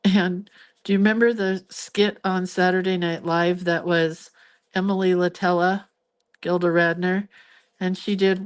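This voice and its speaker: A woman hosting a drawing livestream from her living room, talking in an unhurried, drawn-out way. She rambles from one aside to the next as she reminisces, keeping it loose and chatty as she works. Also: on the low side, little pitch movement, smooth. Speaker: hand-lettering livestream host. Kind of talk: casual chat while drawing. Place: cluttered living room, home.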